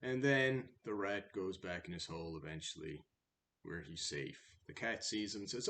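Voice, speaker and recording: A man reading a verse fable aloud, then retelling it in a relaxed, chatty way. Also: low-pitched, moderate pace. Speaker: storyteller.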